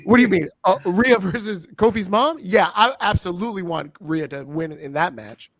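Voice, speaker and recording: A man co-hosting a wrestling review show in casual, profane, excitable chat, laughing often. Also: sits high, normal speed, slight background noise. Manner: excitable, swearing, laughing, with frequent impersonations.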